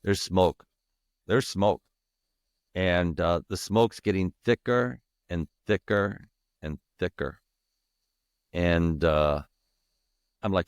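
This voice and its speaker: Casting: low-voiced man, guest on a podcast, candid and emphatic storytelling, dry close sound. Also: slow pace, pauses often, smooth, no echo. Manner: emphatic and raw, swearing, restarting sentences. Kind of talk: candid personal storytelling in interview.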